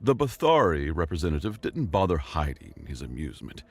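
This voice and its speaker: A man narrating a sci-fi story in a dramatic, measured storytelling voice. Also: rumbling low, very animated, vocal fry, breathy edge, dry recording.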